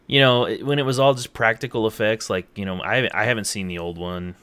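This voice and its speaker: A young man with a deep yet bright, forward voice chats casually on a podcast. He rambles and hesitates, often trailing off mid-thought. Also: steady tone, brisk, clear, resonant tone, dry recording. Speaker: podcast co-host. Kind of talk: casual chat.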